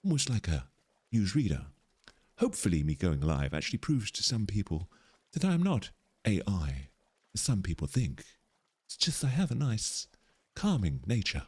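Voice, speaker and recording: A man's voice: on the low side, huge pitch swings, normal speed, pauses often, darkish tone, slightly rough, no echo. A man live-streaming a game, chatty and playful, talking through what he is doing. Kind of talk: casual live-stream chat while gaming.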